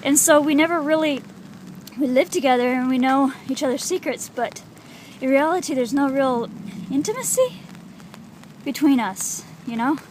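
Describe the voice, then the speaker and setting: A woman's voice: sits high, normal speed, darkish tone, slight background noise, rough recording. A woman telling a personal religious dream in a casual, hesitant way, with lots of filler words.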